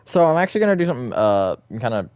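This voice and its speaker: A man livestreaming a building game, rambling as he thinks aloud and swinging between flat, disappointed-sounding talk and bursts of energy. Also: medium pitch, racing, no echo, highs cut off. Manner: rambling, thinks aloud with fillers and self-corrections. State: short on sleep. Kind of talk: casual livestream chat while gaming.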